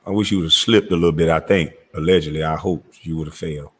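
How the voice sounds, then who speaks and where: A man's voice: very deep voice, fairly even intonation, fast, breathy edge. A man giving profane, incredulous reaction commentary on a clip he is watching.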